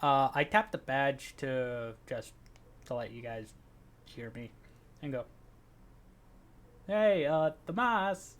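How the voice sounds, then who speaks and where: A man playing in an online tabletop role-play, talking haltingly with many fillers. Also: mid-range voice, steady tone, fairly bright tone. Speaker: player.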